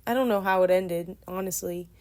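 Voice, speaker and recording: A woman in her twenties telling a personal story casually, in a meandering, soft-spoken way. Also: lowish voice, normal speed.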